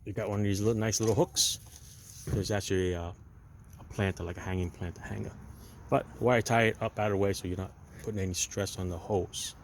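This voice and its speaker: Out at a parked car, a man runs a casual do-it-yourself repair walkthrough, giving opinionated, blunt advice and chatting to viewers he calls "people." His voice is lowish and steady, a little fast, with slight background noise.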